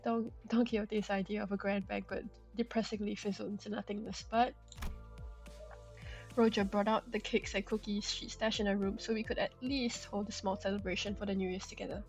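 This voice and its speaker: A woman's voice: medium pitch, little pitch movement, fairly quick, low-quality recording. A woman streamer reading a game's story aloud and talking back to its characters. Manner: reads narration and scolds characters out loud. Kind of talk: game playthrough with read-aloud narration. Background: game music.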